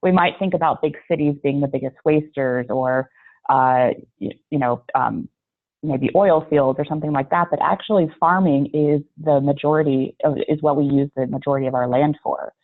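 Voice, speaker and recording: A woman's voice: low voice, normal speed. A woman giving a friendly, chatty online training talk over a video call, with many fillers. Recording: tinny phone-like call audio.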